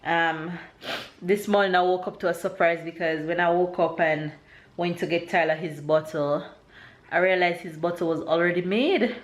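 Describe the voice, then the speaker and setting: A young Jamaican woman, a mother, chatting casually to camera at home in a relaxed vlog style, laughing often and going very high-pitched when excited. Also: normal speed. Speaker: vlogger, mother. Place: at home indoors.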